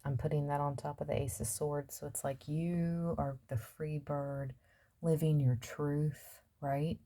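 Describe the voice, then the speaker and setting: A woman's voice: deep voice, little pitch movement, measured pace, mellow. A woman giving a casual tarot reading, musing aloud and trailing off with fillers as she turns over cards. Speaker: tarot reader.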